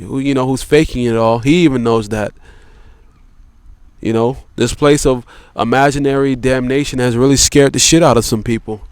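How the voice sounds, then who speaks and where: A man delivering a rambling philosophical monologue, profane and repetitive, leaning on filler words and slow, drawn-out emphasis. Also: medium pitch, smooth, no echo. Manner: profane, repetitive, peppered with "you know" and "man".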